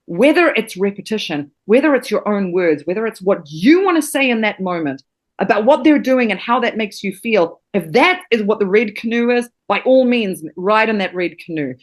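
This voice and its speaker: A New Zealand woman in her thirties, an actor and acting teacher, guests on a podcast for a casual interview. She speaks passionately about acting, using vivid images and casual swearing. Her mid-range voice is animated and moves at a normal speed.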